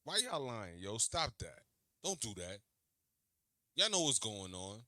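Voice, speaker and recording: A man hosting a reaction video, talking back to an interview clip in a slangy, animated way and repeating himself. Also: lowish voice, measured pace, no room sound, clean studio sound. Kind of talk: reaction commentary.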